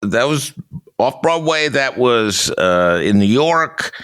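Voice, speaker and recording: A man hosting a casual interview in a wry, halting way, with frequent restarts. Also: medium pitch, animated, fairly bright tone, clear, resonant tone, dry recording, studio quality. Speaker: podcast host.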